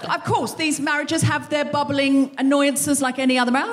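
A woman with a high-sitting voice delivers a live stand-up monologue as a podcast host in a concert hall, addressing the crowd directly. Her delivery is flat and moderately paced, with soft music in the background. She swears a lot and plays both sides of a row herself.

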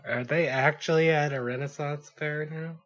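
A man's voice: on the high side, steady tone, normal speed, fairly bright tone, dull audio. A man co-hosting a podcast, giving amused, casual reactions. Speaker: podcast co-host listening. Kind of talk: casual banter.

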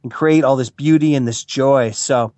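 An American man, a regular pundit, talking sports in a casual, animated way with playful mock emotion. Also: mid-range voice, moderate pace, dry recording. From United States. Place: California, Bay Area.

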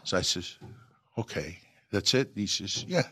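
An older man, an actor telling lively anecdotes in an interview and acting out the lines he quotes. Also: low voice, unhurried, breathy edge, no room sound. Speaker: actor guest. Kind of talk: storytelling interview.

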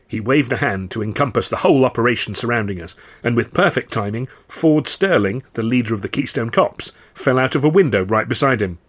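Husky-voiced male audiobook narrator. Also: mid-range voice, animated, brisk, few pauses. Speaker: author and audiobook reader. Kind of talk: scripted first-person narration.

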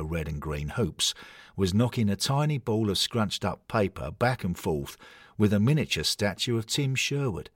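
Husky, wry male storyteller. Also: low-pitched, no echo, clean studio sound. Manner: wry, deadpan, detailed. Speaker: narrator. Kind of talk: comic storytelling narration.

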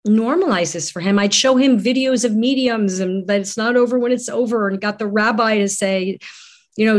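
A woman's voice: medium pitch, fairly quick. A middle-aged woman, a guest in conversation, speaking earnestly and reflectively, often restarting her phrases. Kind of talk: candid conversation.

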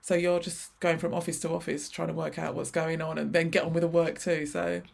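A woman's voice: low-pitched, little pitch movement, fairly quick, gravelly, darkish tone. A woman in her forties, a chatty interview guest who laughs often and restarts her sentences. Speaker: guest, freelance graphic designer. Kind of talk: casual interview chat.

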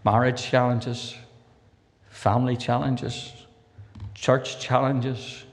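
An older man with a Northern Irish accent preaches a sermon in a church hall with a long, ringing reverb. He reads scripture aloud with rising emphasis and slips in dry, humorous asides. His voice sits at an ordinary middle pitch. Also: flat delivery, slow pace.

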